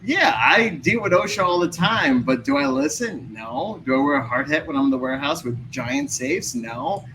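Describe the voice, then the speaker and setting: Male podcast guest, high-ish voice, very animated, rants and vents in casual chat. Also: normal speed, hardly any pauses, crowd noise, rough recording. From Chicago area. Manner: excitable, ranting, venting frustration.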